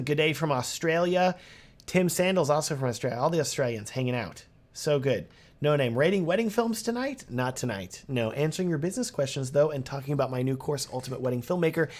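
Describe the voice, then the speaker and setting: A young man chats casually on a live stream, reading viewer comments aloud and answering them. He talks in an animated, talkative way, with an ordinary mid-range voice. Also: mid-range voice.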